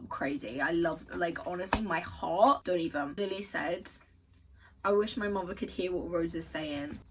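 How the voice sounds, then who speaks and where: A woman's voice: on the low side, far from the mic, a little hiss or hum, low-quality recording. A young woman book vlogger chatting casually and gushing over quotes she reads aloud, swearing now and then. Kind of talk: casual chat and reading aloud.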